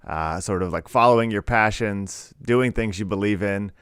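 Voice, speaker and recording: A man's voice: fairly low pitch, normal speed, a bit bright, clear, resonant tone, no echo, clean studio sound. A young man co-hosting a casual podcast, talking in a rambling, conversational way full of fillers. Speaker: podcast co-host. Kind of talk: casual chat.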